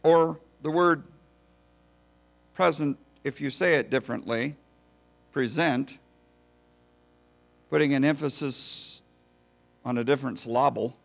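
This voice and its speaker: A man's voice: a little high, creaky. A man preaching a sermon to a congregation in a folksy, storytelling manner. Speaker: pastor.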